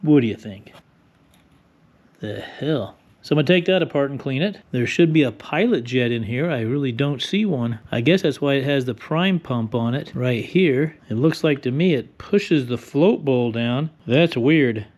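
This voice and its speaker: In his garage, an older man restoring motorcycles walks through a repair, cracking blunt jokes and explaining as he goes in a casual how-to style. He speaks at normal speed with a medium-pitched, expressive, slightly mellow voice.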